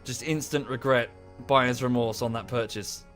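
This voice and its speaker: Thirties male streamer, mid-pitched, rambling and ranting into a close mic. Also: steady tone, normal speed, a bit bright, soft background music. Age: 30s. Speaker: game streamer. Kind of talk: casual live-stream chat. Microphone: close to the microphone.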